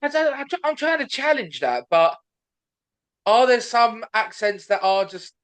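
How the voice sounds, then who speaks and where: Smooth-voiced British podcast host. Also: male voice, extremely high pitch, very animated, measured pace, a bit bright. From Britain. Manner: probing, playfully challenging. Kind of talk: casual chat.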